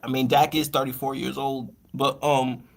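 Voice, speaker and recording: A man's voice: medium pitch, moderate pace, creaky. A man on a casual sports talk show who laughs a lot and keeps calling out for attention. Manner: excitable, repeats "hey, yo", laughs a lot. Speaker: podcast co-host.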